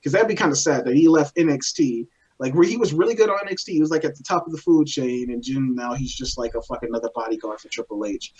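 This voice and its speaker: A man's voice: mid-range voice, fast, darkish tone, slightly rough, dull audio. A man co-hosting a casual wrestling podcast, talking in a loose, rambling way with casual swearing. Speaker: co-host.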